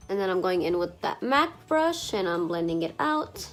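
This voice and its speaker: A woman's voice: lowish voice, very animated, moderate pace, faint music behind. A young woman doing a chatty makeup tutorial, a little congested from allergies, with lots of filler words and some casual swearing. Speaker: beauty vlogger.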